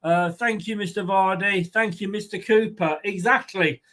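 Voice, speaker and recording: A man's voice: high-pitched, fairly even intonation, normal speed, fairly bright tone. A man with a light, rambling, chatty manner, hosting a live football watchalong and reading out viewer comments. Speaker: host of a fan watchalong.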